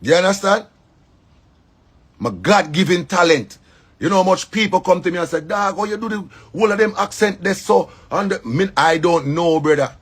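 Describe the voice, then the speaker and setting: This Jamaican-accented comedian has a voice on the high side with a breathy edge. In a casual, preachy monologue, he keeps repeating himself with heavy emphasis.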